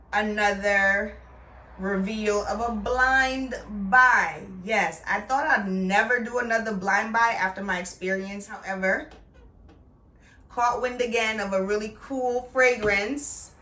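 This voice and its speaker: A woman's voice: mid-range voice, fairly even intonation, takes it slowly, bright, forceful tone, recorded from a distance. A middle-aged woman chatting playfully and with emphasis as she reviews a product. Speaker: beauty vlogger. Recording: echoey room, voice off-mic.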